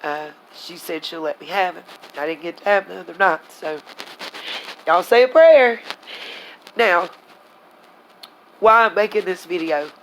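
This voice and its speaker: Heated and blunt, this woman vents to her vlog audience, addressing them as "y'all" in an angry, casual rant. She speaks at normal speed in a lowish, fairly bright voice, captured on a low-quality recording with a bit of hiss or hum.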